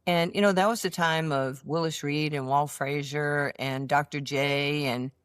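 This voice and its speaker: A woman, a guest telling lively stories from her childhood in a casual chat, full of fillers and restarts. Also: sits low, a little slow, clean tone, no room sound, clean studio sound. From New York. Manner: animated storyteller with many fillers and restarts. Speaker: interview guest.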